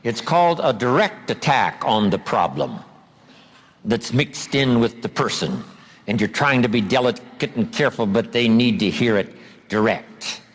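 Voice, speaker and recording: A man giving a motivational seminar lecture, emphatic and drawing out key words slowly. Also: medium pitch, expressive. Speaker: seminar speaker. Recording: long hall reverb.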